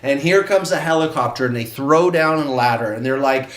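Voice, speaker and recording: A man's voice: medium pitch, fairly quick, hardly any pauses, reverberant, distant mic. Earnest man telling a parable. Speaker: co-host of an online wellness class. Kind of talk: live-stream storytelling.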